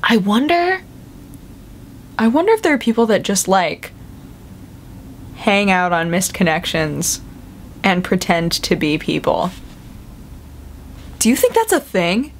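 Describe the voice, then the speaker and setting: A young woman talking casually to her camera audience. She rambles in an easy, chatty way and keeps slipping into exaggerated quoted voices that leap up in pitch. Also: a little slow, long pauses, slight background noise. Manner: chatty and animated, acting out quoted voices with big pitch jumps. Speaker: vlogger.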